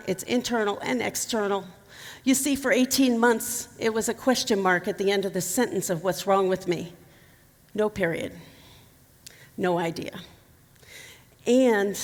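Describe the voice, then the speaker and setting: A woman's voice: mid-range voice, gravelly, in a large hall. A middle-aged woman telling a personal story to a conference audience, candid and emotional with touches of humor. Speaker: keynote speaker. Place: conference hall.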